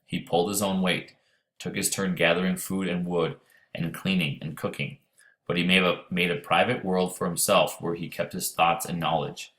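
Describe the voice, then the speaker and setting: A man reading an audiobook chapter in steady, measured narration. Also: sits low.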